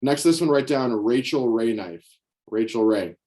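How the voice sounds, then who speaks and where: A man's voice: medium pitch, animated, unhurried, dark tone. Young male sales coach, upbeat and direct, repeats key lines for note-taking. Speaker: sales trainer. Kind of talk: sales training session. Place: indoors with knives on a table.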